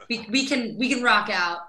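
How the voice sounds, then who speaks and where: Woman, band guest, playful quick comebacks, bright tone, roomy echo. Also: fairly high pitch. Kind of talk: casual interview chat.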